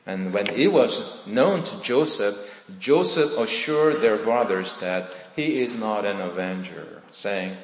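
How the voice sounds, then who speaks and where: A man's voice: on the low side, expressive, unhurried. A man preaching a sermon, earnest and questioning his listeners directly. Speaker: pastor. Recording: echoey hall with long reverb.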